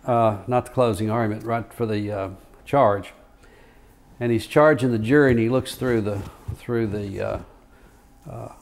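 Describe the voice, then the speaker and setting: Brief: an older retired lawyer reminiscing in an interview, unhurried anecdotes, chuckling between stories. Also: male voice, medium pitch, darkish tone. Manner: rambling anecdotal, frequent fillers, chuckles. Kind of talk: oral history interview storytelling.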